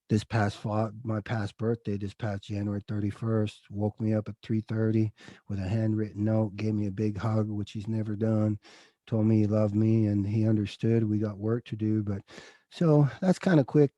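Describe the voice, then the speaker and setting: A middle-aged man speaks as an interview guest, open and emotional, and he keeps saying dude. His voice is mellow and dark, and the recording is dry and close. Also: mid-range voice, no room sound. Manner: emotional, confessional, says dude often. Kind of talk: candid interview storytelling.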